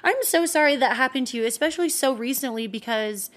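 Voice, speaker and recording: A woman's voice: high voice, fast talker. A young woman in frank, casual chat who swears and laughs easily.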